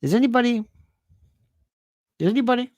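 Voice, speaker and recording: A man hosting a political commentary show, delivering an animated monologue full of rhetorical questions and exasperated repetition. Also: very high voice, fairly quick, dry recording. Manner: exasperated, fires off rhetorical questions, repeats himself.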